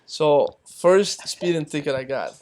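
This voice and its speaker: A man's voice: on the high side, a little slow, slight background noise. A man, an English speaker from Palestine, telling a story casually as a guest and acting out the voices of people he quotes. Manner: animated, acts out quoted voices. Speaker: featured guest.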